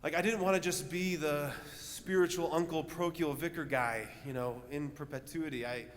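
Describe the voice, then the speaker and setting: A man's voice: on the high side, steady tone, normal speed. A young adult male priest giving a homily, telling a story conversationally with many fillers and restarts. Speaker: parish priest. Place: large church. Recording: church reverb with faint ambience.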